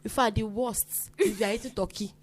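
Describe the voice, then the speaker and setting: A young Nigerian woman chatting on a podcast, her voice sitting a little high. She tells stories with animation, slips into other people's voices and laughs easily. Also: a little fast. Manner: animated, acts out quoted people, laughs often. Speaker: podcast guest. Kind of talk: casual storytelling chat.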